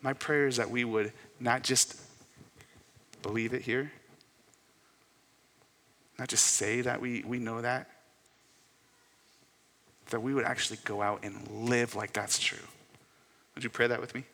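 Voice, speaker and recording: A pastor in his thirties preaching a sermon, earnest, rising to loud emphasis and dropping to soft near-whispers. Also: medium pitch, steady tone, measured pace, pauses often. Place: church sanctuary. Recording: long hall reverb.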